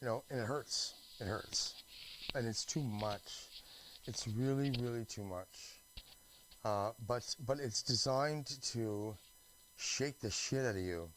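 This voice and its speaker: A man's voice: medium pitch, slow pace, a bit bright, slight background noise, poor audio. A man from Canada talking in a rambling, restless monologue, full of restarts, fillers and swearing. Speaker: vlogger.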